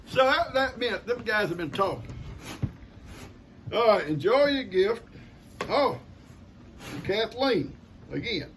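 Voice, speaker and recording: A man's voice: high-pitched, animated, slow, long pauses, fairly bright tone. An older man, chatting casually and folksily to camera while opening gifts and talking to his pets. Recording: noisy home recording.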